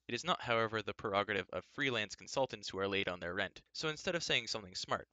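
A man reading a novel aloud, narrating in the first person with a dry, wry delivery. His voice sits low but has a bright, forceful edge, and it is recorded close with no room sound. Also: lively intonation, quick pace, no echo, dull audio. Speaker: reader.

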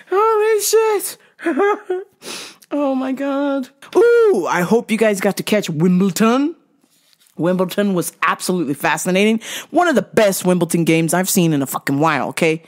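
A woman's voice: medium pitch, moderate pace. A woman hosting her own show, ranting casually and comically with lots of swearing and frequent laughter. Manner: profane, animated, laughs often. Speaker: host. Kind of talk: casual comedic rant.

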